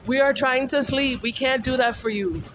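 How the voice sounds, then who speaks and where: Woman ranting on her vlog, high voice, fed up, keeps repeating herself. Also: moderate pace, a bit bright, slight background noise. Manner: ranting, repetitive, exasperated. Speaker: vlogger. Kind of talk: casual venting monologue.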